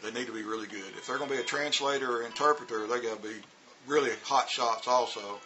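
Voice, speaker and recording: A man's voice: mid-range voice, pushed and bright, poor audio. A middle-aged man vlogging in a casual monologue about teaching, rambling, repeating words and using lots of fillers. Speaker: vlogger and former teacher in China.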